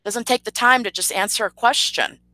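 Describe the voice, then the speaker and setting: A woman rants on her livestream with a bright, edgy voice, full of sarcasm and indignation. She hesitates often with "um" and "you know." The recording is dry and close. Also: a little high, normal speed, no echo, low-quality recording. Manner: sarcastic and indignant, with frequent fillers. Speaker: channel host. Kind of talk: livestream commentary rant.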